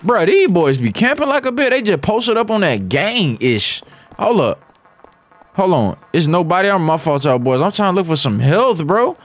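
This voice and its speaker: A young man talks his way through a game, excitable and slangy, repeating phrases and muttering rap lines. His voice sits high and swings widely in pitch, and faint music plays under him. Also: moderate pace. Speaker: gaming YouTuber. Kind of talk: live gameplay commentary.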